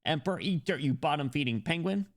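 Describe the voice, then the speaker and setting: A man's voice: a little high, expressive, fast talker, natural voice. A man voicing a seething, vengeful rapper who accuses a rival. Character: bitter vengeful male rapper.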